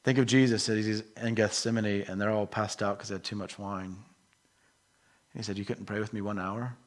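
A middle-aged man preaching a sermon in an earnest, emotional way, moving between soft and emphatic delivery. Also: on the low side, fairly even intonation, brisk. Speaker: pastor.

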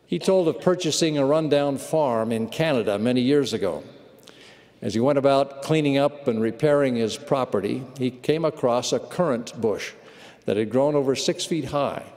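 A man of middle pitch delivers a sermon story in a measured, earnest voice. His words carry the long reverb of a large conference hall. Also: vocal fry, darkish tone. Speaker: church leader giving a sermon.

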